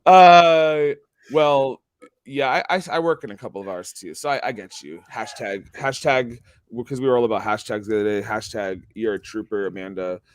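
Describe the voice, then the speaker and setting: A man's voice: fairly low pitch, moderate pace, dry recording, studio quality. A tired man hosting a casual sports livestream, rambling with lots of fillers and restarts. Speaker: sports show host.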